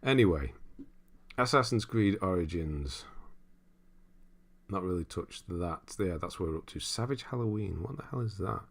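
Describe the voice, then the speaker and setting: A young man hosting a casual livestream, reading viewer comments aloud and thinking out loud in a rambling way with frequent chuckles. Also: low-pitched, expressive, normal speed, vocal fry, long pauses. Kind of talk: casual live-stream chat.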